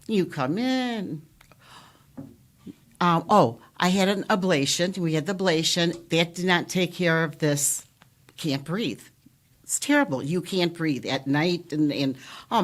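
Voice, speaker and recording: Older woman, patient guest, lower voice, animated storyteller who acts out quotes. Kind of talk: telling her own health story.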